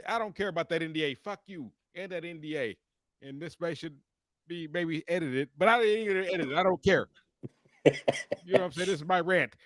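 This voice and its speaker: A man co-hosting a podcast, telling a profane story as an animated, cussing rant. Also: fairly high pitch, no echo, clean studio sound. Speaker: podcast co-host.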